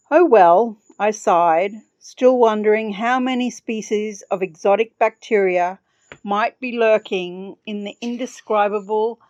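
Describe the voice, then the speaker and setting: A woman's voice: mid-range voice, a little mellow, no echo, dull audio. A woman podcast host reading her own travel story aloud with wry humor.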